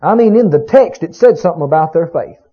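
A man's voice: fairly high pitch, lively intonation, fast, breathy edge. A man preaching a sermon, emphatic and full of rhetorical questions to his congregation. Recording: dull lo-fi recording.

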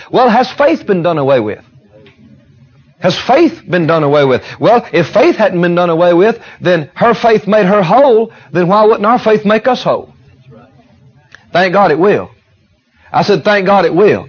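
A man delivers a sermon in a high voice, driving his points home with repeated phrases and questions to the listeners. The recording is dull and lo-fi. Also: expressive, moderate pace, pauses often, husky. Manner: emphatic, repetitive preaching with call-and-response questions. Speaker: preacher.

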